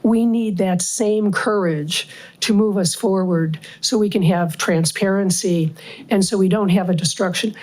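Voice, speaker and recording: Hoarse woman, earnest pleading public comment. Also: on the low side, a little mellow. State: losing her voice. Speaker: resident giving public comment. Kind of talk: public comment at council meeting. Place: council chamber.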